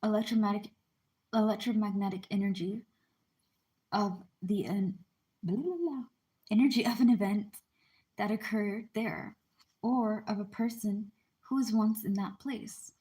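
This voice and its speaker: A woman's voice: medium pitch, fairly even intonation, moderate pace, warm tone. A woman reading a book aloud in a casual, chatty way, stopping now and then to explain terms and apologize. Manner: informal, breaks off to explain and apologize.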